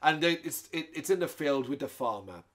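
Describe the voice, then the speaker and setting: A man co-hosting a film podcast in casual chat, lively and swearing, often acting out characters' lines. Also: a little high, moderate pace. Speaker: podcast co-host.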